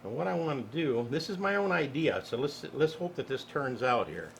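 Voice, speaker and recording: A man's voice: mid-range voice, lively intonation, moderate pace, creaky, a little hiss or hum. A man hosting a home cooking show, chatty and joking in a down-home way. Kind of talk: folksy cooking demonstration.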